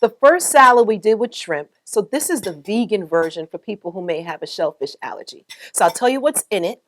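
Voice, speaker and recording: Lively woman hosting a talk show. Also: mid-range voice, fairly quick. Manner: lively, laughs often, encouraging. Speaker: host. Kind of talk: upbeat cooking and interview show.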